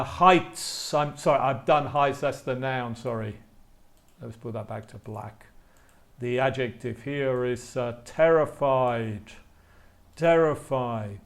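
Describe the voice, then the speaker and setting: Male teacher, slow and deliberate, mid pitch, repeats words. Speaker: English teacher. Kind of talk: live online class.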